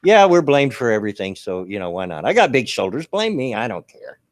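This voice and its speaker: A man in his fifties co-hosting a casual chat, talking loudly and laughing often. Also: medium pitch, very animated, a little fast, dry recording, clean studio sound. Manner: loud, big-mouthed, laughs often. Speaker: podcast co-host.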